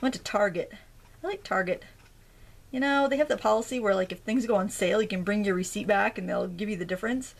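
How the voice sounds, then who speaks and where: Chatty woman from Maine, gravelly voice. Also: medium pitch, fast. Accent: light Maine. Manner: chatty, jokey, thinks aloud while working. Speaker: craft tutorial host. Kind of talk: casual craft demonstration.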